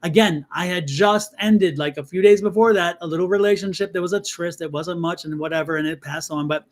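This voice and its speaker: A man co-hosting a live tarot stream, telling a personal story in a casual, conversational way. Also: high-pitched. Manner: storytelling, conversational, quick asides. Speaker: tarot reader co-host.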